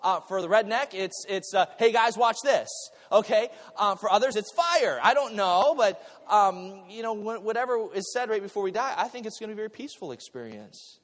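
Male pastor, fairly high voice, lively preaching style with repeated words and jokey asides; long hall reverb. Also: a little fast, hardly any pauses. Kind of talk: sermon.

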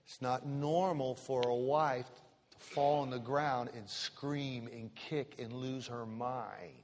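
Brief: male pastor, middle pitch, emphatic sermon with repeated questions to the room, long hall reverb. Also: fairly even intonation, slow pace, a little mellow, a little hiss or hum. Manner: emphatic, repetitive, questioning the congregation.

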